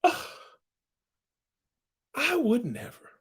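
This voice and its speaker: A man voicing an indignant young woman royal, protesting in a high, squeaky, offended voice. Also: wildly swooping pitch, drawn-out words, fairly bright tone, slightly rough, exaggerated voice. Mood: defensive.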